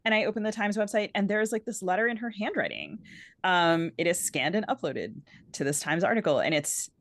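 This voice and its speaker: A woman's voice: mid-range voice, expressive, brisk, a bit bright, dry recording. A woman co-hosting a podcast, asking questions in a chatty, casual way and often saying "like". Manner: chatty, with frequent filler "like". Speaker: podcast co-host. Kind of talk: casual interview chat.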